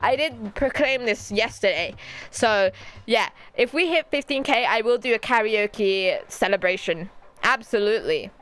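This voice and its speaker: A woman's voice: a little high, unhurried. Giggly British woman streamer. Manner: giggly, animated, teasing banter with chat. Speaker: VTuber streamer. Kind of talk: casual chat answering viewer questions.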